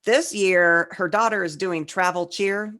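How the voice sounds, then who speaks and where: Low-voiced woman podcast co-host. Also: fairly bright tone. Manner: joking, reads definitions aloud slowly. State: tipsy, slurring slightly. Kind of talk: casual chat.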